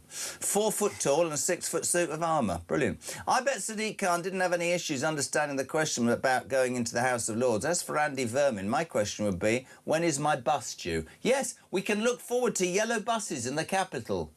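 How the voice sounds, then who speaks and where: A man's voice: fairly high pitch, very animated, a little fast. A man hosting breakfast talk radio, reading out listener messages with wry asides and working up into indignant rants. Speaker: radio breakfast show host.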